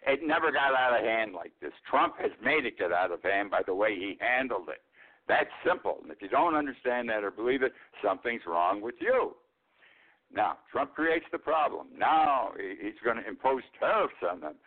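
A man's voice: lowish voice, animated, moderate pace. A man in his eighties, an older host giving a blunt, rambling monologue of political commentary. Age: 80s. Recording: tinny phone-like line.

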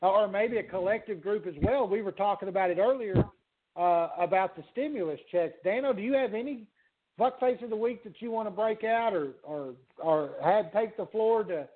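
High-voiced rambling podcast host, phone-like. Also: male voice, moderate pace. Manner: rambling, swears freely, laughs a lot. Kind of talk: casual profane chat. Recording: phone-like narrow sound.

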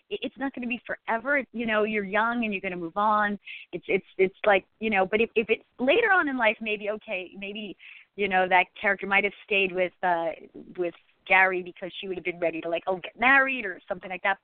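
A woman's voice: medium pitch, no echo. A chatty actress talks over a phone line that sounds thin and tinny, her voice dry with no room sound. She rambles with plenty of fillers and restarts. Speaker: actress, guest. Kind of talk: call-in interview chat.

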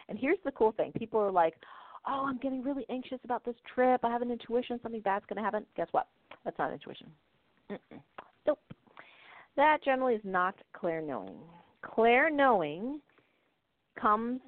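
A woman's voice: mid-range voice, dry recording. A woman hosting a talk show, telling stories in a chatty way, laughing often and checking in with "right?". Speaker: podcast host, intuition teacher. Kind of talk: casual storytelling talk. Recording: phone-like narrow band, dry.

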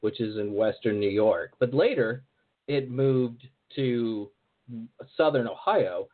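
A man hosting a podcast in casual interview chat, relaxed and joking. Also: medium pitch, takes it slowly. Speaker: podcast host. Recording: phone-like narrow sound.

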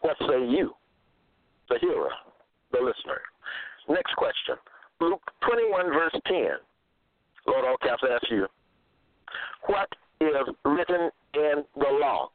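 Speaking slowly in a slightly high, sing-song voice with frequent pauses, a man delivers Bible teaching, repeating himself and asking listeners one rhetorical question after another. It's dry, echo-free, phone-like lo-fi audio.

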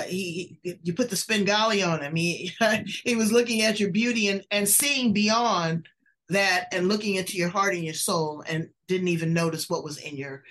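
A woman's voice: on the low side, fairly bright tone. A woman hosting an interview show, effusive and conversational. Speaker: show host. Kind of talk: interview chat.

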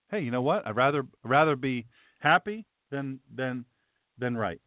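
A man's voice: medium pitch, expressive, a little slow, no echo. A man who hosts a show as a pastor, teaching scripture in a folksy, emphatic way and talking straight to his viewers. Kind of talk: livestream Bible teaching. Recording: tinny phone-like dry sound.

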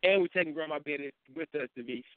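A man hosting a casual morning chat show, telling animated stories, mimicking people and laughing a lot. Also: fairly high pitch, fast talker, clean tone. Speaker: show host. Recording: tinny phone line.

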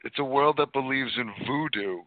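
A man's voice: mid-range voice, moderate pace, a crowd in the background. A man co-hosting a casual horror film podcast, adding points of vampire lore. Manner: adds lore corrections, quips quoted movie lines. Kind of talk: casual film-review chat. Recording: tinny phone line with faint noise.

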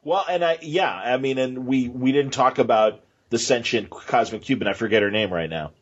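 An easygoing man hosts a podcast, chatting loosely and laughing along with his guest. His voice sits at an ordinary middle pitch. The sound is dull and lo-fi. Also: normal speed. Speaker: podcast host. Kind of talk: casual podcast interview.

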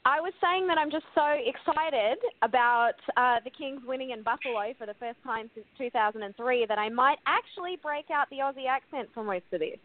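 Bubbly high-voiced woman on a phone line. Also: fairly quick, few pauses. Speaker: guest co-host. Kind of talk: casual sports talk radio. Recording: tinny phone line with faint hiss.

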